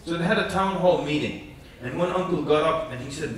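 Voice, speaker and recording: A man with a slightly high voice preaches to a conference crowd, lively and storytelling, acting out little quotes as he goes. He is heard from a distance in a very echoey hall with faint noise behind. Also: a little fast, few pauses. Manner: animated storytelling with jokes and acted quotes. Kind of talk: conference lecture.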